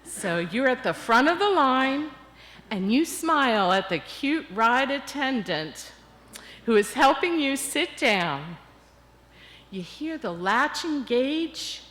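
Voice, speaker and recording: An older woman guest speaker leading a congregation in laughter exercises, animated and coaxing. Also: high-pitched, slow pace. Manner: animated, coaxing, bursts into cheering and chanting. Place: church sanctuary. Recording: long hall reverb.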